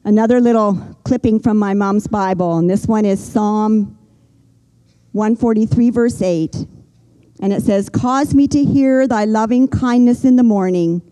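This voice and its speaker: Older woman preaching in a mellow, earnest voice. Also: medium pitch, clear, resonant tone, rough recording. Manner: earnest, gentle preaching with slow emphatic pauses. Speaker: pastor. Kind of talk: sermon.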